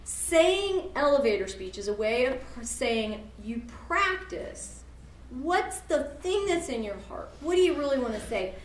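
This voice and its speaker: Woman running a workshop, kinda high voice, asks the crowd stuff, jokey, sounds roomy and far from the mic. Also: a little slow, a little hiss or hum. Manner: lively, questions the audience, joking asides. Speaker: advocacy group director leading a workshop. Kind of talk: interactive workshop talk. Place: meeting room at a church event.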